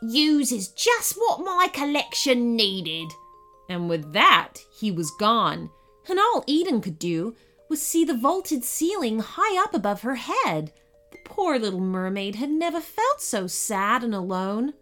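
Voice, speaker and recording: Slow, expressive woman storyteller. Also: a little high. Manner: slow, expressive, animated reading. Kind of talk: children's bedtime story narration. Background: faint music.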